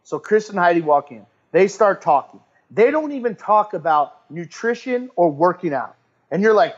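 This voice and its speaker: An animated man with a fairly high voice, chatting as a podcast guest. He rambles and repeats himself as he talks about his clients. The recording sounds a bit dull and lo-fi. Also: moderate pace. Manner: animated, rambling, repeats words and quotes others. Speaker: podcast guest and fitness coach. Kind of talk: casual interview chat.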